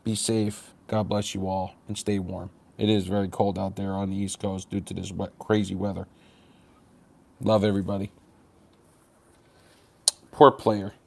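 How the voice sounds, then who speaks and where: Gravelly man ranting on a livestream. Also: sits low, flat delivery, moderate pace, dark tone. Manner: ranting, blunt and confrontational with swearing; sarcastic, mocks viewers in chat. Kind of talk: livestream monologue to chat.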